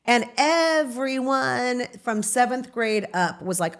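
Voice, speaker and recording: A middle-aged woman telling rambling, animated anecdotes as a guest in a casual interview. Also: fairly high pitch, a little slow. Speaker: guest, talent manager.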